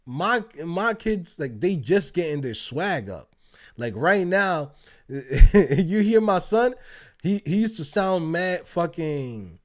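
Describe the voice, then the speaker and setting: A man hosts a casual livestream from outdoors. His speech is animated and full of profanity and quick laughs. His pitch jumps high when he acts out other people. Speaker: livestream host.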